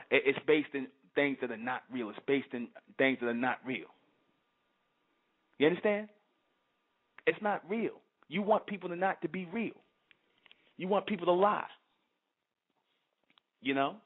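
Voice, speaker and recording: A man giving a preachy, repetitive lecturing monologue, often stopping to ask if the listener understands. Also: fairly high pitch. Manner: preachy, repetitive, keeps asking "you understand?". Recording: tinny phone-like line.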